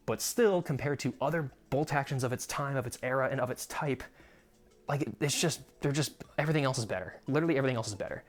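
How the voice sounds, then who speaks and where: A young American man with a mid-range voice talks fast while hosting a casual video about his gun collection. He rambles, laughs often, and swears freely when annoyed.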